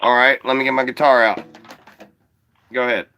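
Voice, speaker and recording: A man's voice: medium pitch, little pitch movement, normal speed, creaky, bright, forceful tone, soft background music. A man hosting a livestream, chatting casually and bluntly with callers, joking and swearing freely. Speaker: livestream host. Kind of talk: casual profane livestream chat.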